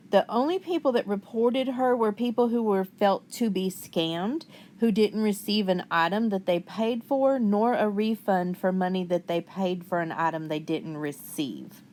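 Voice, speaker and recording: A woman hosting a commentary video, calmly and skeptically rebutting the clips she plays. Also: mid-range voice, moderate pace. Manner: calm, skeptical, wry rebuttals. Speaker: commentary channel host. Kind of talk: reaction commentary.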